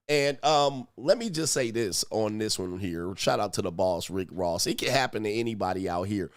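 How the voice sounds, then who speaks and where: A man hosting a casual reaction commentary, animated and profane, with laughing asides. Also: mid-range voice, normal speed, few pauses, no room sound, studio quality. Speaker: commentary channel host.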